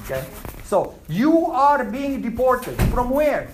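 A woman's voice: on the high side, very animated, a little slow, background noise. A woman teaching an Islamic class, asking her students questions and repeating her points. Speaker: religious teacher.

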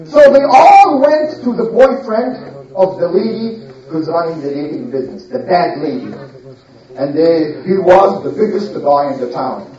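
A man telling a folk story to listeners, asking them questions and acting out the characters' voices and sounds. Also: sits high. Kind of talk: animated oral storytelling to listeners. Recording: echoey room, from far off, dull sound.

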